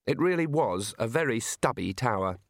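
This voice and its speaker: A man narrating an audiobook in a wry, expressive storytelling manner. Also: mid-range voice, normal speed, no room sound, studio quality. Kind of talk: scripted narration.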